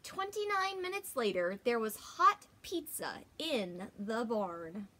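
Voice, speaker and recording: A young adult woman teacher reading a picture book aloud to children, gentle and expressive with gasps and whispers. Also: fairly high pitch, takes it slowly.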